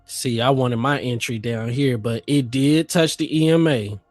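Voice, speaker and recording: Casual male co-host, relaxed slangy banter, under the weather, dry close mic with soft music bed. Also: medium pitch, measured pace, dry recording. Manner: laid-back slangy banter, hums and sings bits. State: feeling unwell, coughing. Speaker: co-host trader. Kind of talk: casual livestream chat.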